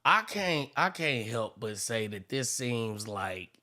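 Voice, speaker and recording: A man's voice: mid-range voice, big pitch swings, slow, sharp tone. A man giving casual reaction commentary, joking and slangy.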